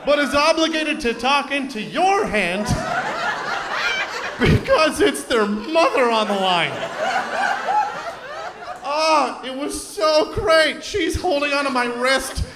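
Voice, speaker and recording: A Canadian man performing a stand-up comedy set on a club stage into a handheld mic, animated, swinging between loud bursts and low asides. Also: slow pace, pauses often, heavy background noise. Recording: roomy club with crowd laughter.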